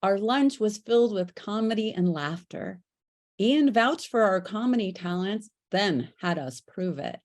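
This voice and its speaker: A woman's voice: mid-range voice, animated, unhurried, darkish tone. An older woman, once a radio host, reading her personal story aloud on stage with a delighted, upbeat tone.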